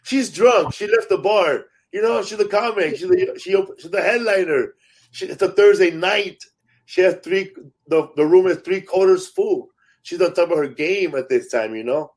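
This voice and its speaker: A stand-up comic with a high voice tells stories in casual conversation at a normal speed. He acts out the quotes with animation and swears freely.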